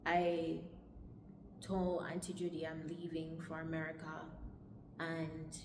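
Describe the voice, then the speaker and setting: Low-voiced Jamaican woman telling her story. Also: monotone, noisy background. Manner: halting, conversational retelling. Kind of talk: personal life story. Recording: echoey room with long reverb.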